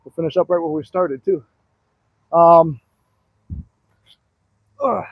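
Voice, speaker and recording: A manifestation coach, out of breath as he walks, tells rambling, filler-heavy stories in a casual live talk. His fairly high voice keeps a steady tone at a slow pace, and the audio is dry and tinny like a phone, with no echo.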